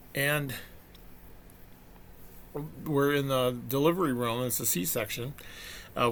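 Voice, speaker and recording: A man's voice: medium pitch, a bit bright, slight background noise. A middle-aged man telling a family story in a casual, rambling monologue, acting out what people said. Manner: chatty storyteller, acts out quotes. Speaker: vlogger.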